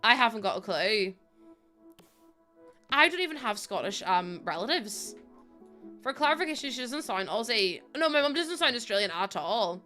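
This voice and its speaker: A Northern Irish woman in her late twenties chats on a gaming live stream, giggly and talkative as she answers viewers. Her voice is bright and a touch high, with faint music playing underneath. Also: very animated, moderate pace, pauses often. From Northern Ireland. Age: 20s. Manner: chatty, giggly, answers chat. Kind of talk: casual live-stream chat while gaming.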